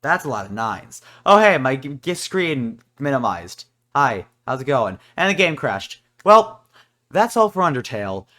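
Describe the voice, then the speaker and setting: A man's voice: mid-range voice, big pitch swings, unhurried, few pauses, bright, forceful tone. A man giving casual, joking let's play commentary over a video game, rambling and self-mocking. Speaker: gaming video creator.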